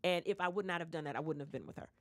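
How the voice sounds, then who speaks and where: In a casual radio interview, a guest singer with a Detroit accent talks very fast, spinning lively anecdotes. She imitates quoted people through big pitch jumps, and her studio mic picks up no room sound.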